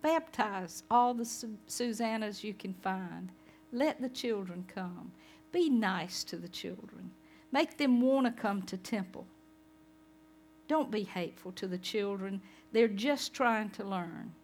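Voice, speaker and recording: Jesus, soft and gentle, as a woman preacher quotes him. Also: mid-range voice, animated, slow pace, soft background music. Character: gentle male Jesus speaking softly.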